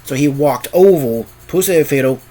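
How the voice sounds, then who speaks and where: A man's voice: a little high, expressive, a little fast, dark tone, faint music behind, rough recording. A sleepy man narrating a fan story off the cuff, rambling and often correcting himself. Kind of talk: improvised fan story reading.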